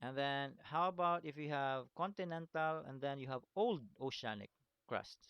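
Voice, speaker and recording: A man's voice: mid-range voice, normal speed, clean tone, dry recording, highs cut off. A man teaching a screen-recorded lesson, walking through steps, often checking in with "okay?" and "right?", with a chuckle at his own slips. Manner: repetitive, stops to check understanding with "okay?" and "right?".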